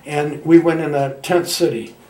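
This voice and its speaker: A man in his nineties from Michigan, a veteran telling his war memories in a halting, folksy way with plain colloquial grammar. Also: on the high side, steady tone, darkish tone, roomy sound, far from the mic. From Michigan, United States. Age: 90s. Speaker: veteran interviewee. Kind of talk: oral history reminiscence.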